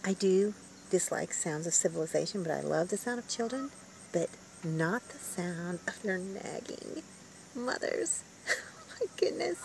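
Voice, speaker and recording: A woman vlogs from a lakeside campground in a hushed, wry murmur that often drops to a whisper. Her voice sits a little low. Clear outdoor noise and honking geese carry behind her. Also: lively intonation, measured pace, rough recording. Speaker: van life vlogger. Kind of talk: casual vlog commentary.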